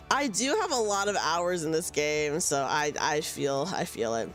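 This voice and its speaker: A woman's voice: medium pitch, very animated, normal speed, few pauses, soft background music. A young woman chatting casually on a game stream, giggly and self-deprecating, speaking into a desk mic at home. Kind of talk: casual live-stream chat.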